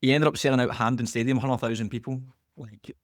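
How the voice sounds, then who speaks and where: A Scottish man co-hosting a podcast, halting and repeating words as he chats and laughs at his own punchlines. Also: medium pitch, steady tone, no room sound, studio quality. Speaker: podcast co-host. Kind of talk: casual chat.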